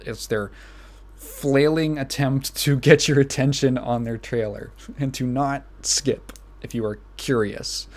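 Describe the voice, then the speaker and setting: A young man from Illinois with a Midwestern American accent hosts a solo podcast, rambling casually in a slow, mid-range voice. He's self-amused and often laughs at his own asides.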